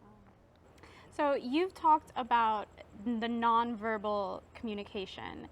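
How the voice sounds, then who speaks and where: A woman with a somewhat high voice puts short, soft questions to a guest. She keeps her prompts brief, and faint background hiss runs under them. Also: animated, slow, lo-fi sound. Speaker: host asking questions. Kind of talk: interview questions.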